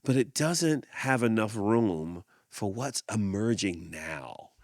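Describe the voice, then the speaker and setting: A man's voice: lowish voice, takes it slowly, no room sound, clean studio sound. A man hosting a podcast, reflecting and then reading a picture book aloud, often repeating words as he goes. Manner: repeats words, animated and expressive. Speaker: podcast host.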